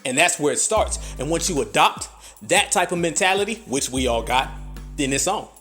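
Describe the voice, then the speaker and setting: A man's voice: a little high, expressive, normal speed, a bit bright, soft background music. A man hosting a podcast, giving blunt, profane, combative commentary. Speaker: podcast host.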